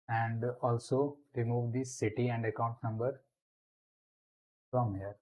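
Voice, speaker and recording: In a screencast tutorial, a man slowly explains a programming lesson step by step while typing code. His voice is mid-range with a darkish tone, and the recording is rough.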